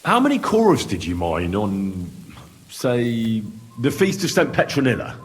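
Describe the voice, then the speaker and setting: A man's voice: mid-range voice, wildly swooping pitch, unhurried. A young actor playing a polite, persistent young man posing as a scholar and asking questions. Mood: curious.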